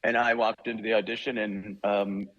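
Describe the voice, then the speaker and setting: An older man from Canada, a voice actor guest, telling animated anecdotes in a casual interview, acting out voices and laughing often. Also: on the low side, moderate pace, no room sound, highs cut off.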